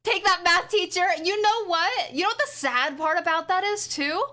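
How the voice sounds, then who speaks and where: Very high, bright-voiced excitable woman. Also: normal speed. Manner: excitable, rambling, giggly. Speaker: streamer and animator. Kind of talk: casual livestream chat.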